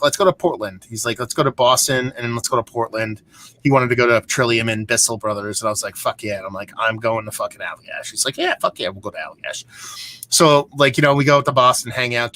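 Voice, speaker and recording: A man's voice: mid-range voice, bright, forceful tone. A man from Pennsylvania hosting a casual live beer chat, telling a long rambling story with plenty of restarts and swearing. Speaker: beer show host.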